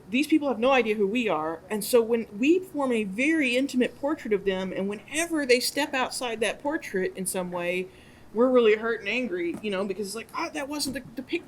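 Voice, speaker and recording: A woman with a high voice talks to a small writers' group. She is animated and chatty. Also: slight background noise, rough recording. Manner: animated, chatty, laughs easily. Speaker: guest speaker on writing. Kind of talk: casual workshop talk.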